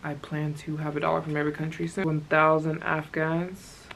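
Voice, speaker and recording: Young female travel vlogger, low-pitched, chatty storyteller. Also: level tone, normal speed, gravelly, fairly bright tone, a little hiss or hum. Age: young adult. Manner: chatty, acts out quoted people. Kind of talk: casual storytelling.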